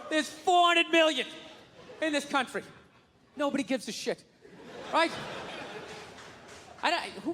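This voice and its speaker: A man's voice: high voice, a bit bright. A man doing a profane, ranting stand-up comedy routine, mocking people with put-on voices. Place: comedy stage before a live audience. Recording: reverberant venue with crowd and noise.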